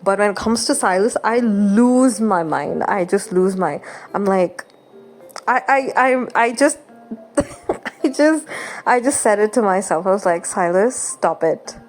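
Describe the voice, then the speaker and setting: Slow, rambling woman gaming host. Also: mid-range voice. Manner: chatty, rambling, laughs often, mock-exasperated. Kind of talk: casual gameplay commentary. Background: game music.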